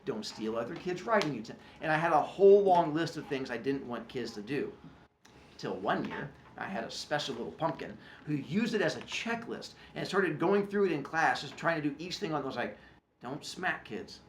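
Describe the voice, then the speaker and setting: A man teaching and explaining classroom rules in an animated, joking way, acting out his students. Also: on the high side, normal speed, echoey room, slight background noise. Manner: animated, jokey, acts out students.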